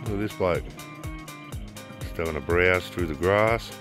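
A man's voice: sits low, measured pace. An Australian man vlogging outdoors in the bush with casual, enthusiastic commentary on wildlife and views. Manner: enthusiastic, keeps calling things mad and magic. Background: guitar music.

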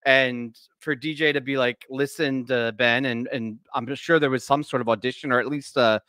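Bright, animated podcast host man. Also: medium pitch, moderate pace, no room sound. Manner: animated, laughing, heavy on fillers. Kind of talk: casual chat.

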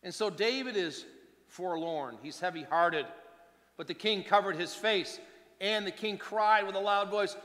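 A pastor delivering a sermon, his delivery swinging between hushed and loud. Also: sits high, unhurried, long reverb tail. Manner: preaching with wide swings between soft and loud.

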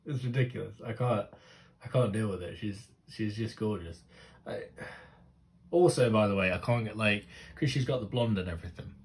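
A man, gushing and swearing freely in casual reaction commentary, breaking into loud exclamations. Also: on the low side, moderate pace. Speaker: music reaction host.

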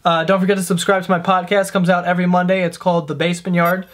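A man's voice: high-pitched, little pitch movement, quick pace, a bit bright, soft background music. A young man doing a comedic vlog rant, sarcastic and profane, sounding fed up as he talks to camera. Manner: profane, sarcastic, exasperated ranting. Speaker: comedy vlogger.

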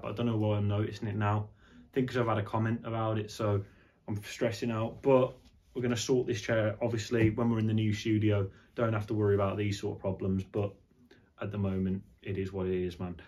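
A man with a slightly low voice chats loosely to camera from his home studio. He rambles, swears freely and keeps tossing in fillers. Casual and unscripted. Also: darkish tone. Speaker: vlogger. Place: indoor home studio, seated on a squeaky chair.

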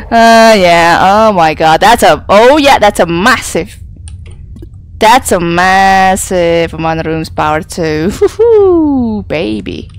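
A woman's voice: mid-range voice, sing-song. A woman in casual gaming chat whose voice moves through a wide range. She takes her time with her words and laughs easily between calls. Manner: laughs easily, drawn-out reactions. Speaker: co-op game player.

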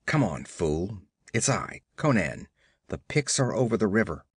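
Conan, a gruff man voicing a barbarian. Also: on the low side, sing-song, a little slow, no room sound, clean studio sound, heavily acted. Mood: impatient. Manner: curt, commanding. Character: gruff barbarian warrior, blunt and impatient.

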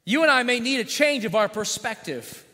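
A man preaching a sermon as pastor, repeating phrases in a steady cadence, sometimes rising loud and sometimes dropping quiet. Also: moderate pace. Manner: swings from loud emphatic lines to quiet low-voiced ones. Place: church sanctuary. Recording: reverberant church sanctuary.

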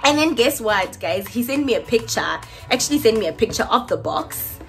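A woman's voice: a little high, moderate pace, vocal fry, soft background music. Chatty woman vlogger. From South Africa. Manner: lively, chatty, talks straight to viewers. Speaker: YouTuber. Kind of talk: casual storytime chat to camera.

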